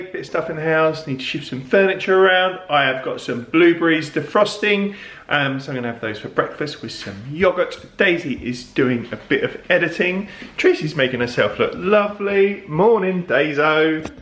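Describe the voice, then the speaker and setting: A man's voice: on the high side, a bit bright. A middle-aged man, chatting casually as host of a family vlog at home, upbeat and self-mocking. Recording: echoey room, faint noise.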